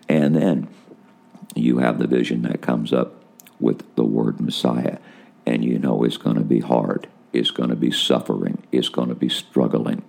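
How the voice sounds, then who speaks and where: A man with a very low, gravelly voice gives a personal testimony sermon about his visions. He talks in a raspy, husky tone, circling back on his words and pleading with his listeners. He speaks with fervent emotion throughout. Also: a little mellow. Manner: emotional, repetitive, addresses listeners as folks. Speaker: preacher recounting visions.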